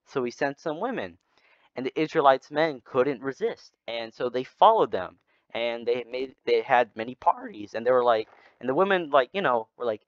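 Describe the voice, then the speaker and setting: A young man leading an informal Bible study, retelling stories in a rambling, animated way. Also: mid-range voice, moderate pace, dry recording. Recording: slightly dull lo-fi sound.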